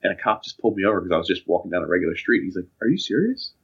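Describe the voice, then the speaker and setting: A young man telling casual anecdotes on a podcast, animated and acting out the voices of people in his stories. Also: low-pitched, very fast, husky. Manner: animated, acts out voices in anecdotes, laughs often. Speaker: podcast co-host. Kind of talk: casual storytelling chat. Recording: dull lo-fi podcast audio.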